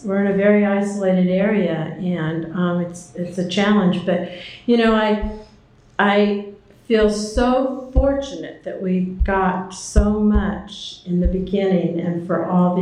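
A woman's voice: medium pitch, a little slow, mellow. An older woman sharing her recovery story at a meeting, chatty and self-deprecating, laughing often, with many ums. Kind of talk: personal recovery talk. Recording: very echoey hall with faint noise.

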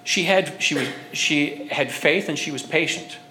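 A man's voice: fairly high pitch, bright, forceful tone, slight background noise. Man rambling through a personal testimony. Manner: rambling, halting storytelling. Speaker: speaker sharing at a recovery meeting.

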